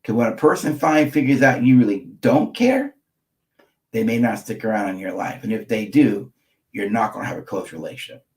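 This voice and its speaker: A middle-aged man who works as a marriage therapist teaches to camera in a fairly low, expressive voice, talking a little fast. His delivery is emphatic, returning to key phrases and pausing to check on his audience.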